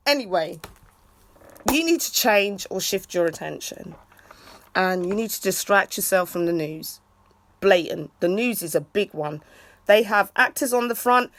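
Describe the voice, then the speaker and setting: A woman ranting casually on a livestream, swearing freely and breaking off for loud shout-outs to viewers. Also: medium pitch, lively intonation, measured pace, slight background noise. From England. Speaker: livestreaming vlogger. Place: outdoors in a city.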